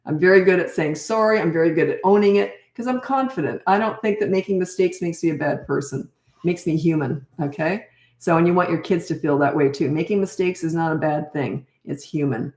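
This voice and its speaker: Here an older woman gives parents straight-talking, no-nonsense advice in a casual way, regularly acting out quoted lines from parents and children. Her voice is deep and darkish, she talks briskly, and the room sound is noticeable.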